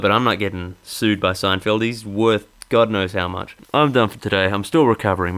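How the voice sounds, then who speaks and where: A man's voice: fairly low pitch, fairly bright tone, clean tone. A man hosting a podcast, ranting sardonically and profanely in a rambling, casual way. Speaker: podcast host.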